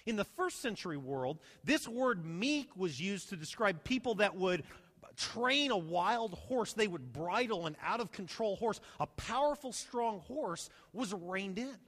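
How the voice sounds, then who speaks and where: A man preaching a sermon as pastor, animated, swinging between loud emphasis and soft, slow asides. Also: high voice, in a large hall. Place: church sanctuary.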